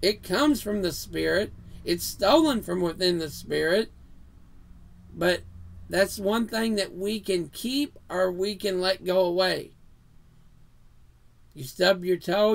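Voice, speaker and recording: Slow, gravelly high-voiced male preacher. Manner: earnest preaching, reading scripture verses aloud. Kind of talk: sermon. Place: house of worship.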